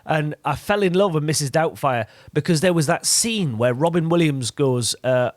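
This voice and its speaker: A man's voice: fairly high pitch, normal speed, hardly any pauses, no room sound, clean studio sound. A man in his thirties, a guest impressionist talking in an enthusiastic, chatty way in a radio interview and laughing easily.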